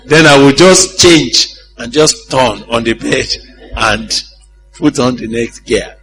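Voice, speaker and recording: A man's voice: medium pitch, takes it slowly, long pauses, a bit bright, faint music behind. A male preacher giving a conversational sermon, often putting questions to his congregation and laughing at his own stories.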